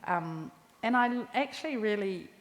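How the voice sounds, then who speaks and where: A woman in her sixties with a New Zealand accent, an author telling lively stories in a live interview. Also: mid-range voice, normal speed. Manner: lively, laughing anecdotes. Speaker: memoir author, interview guest. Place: live talk venue with audience. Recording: echoey hall, faint background noise.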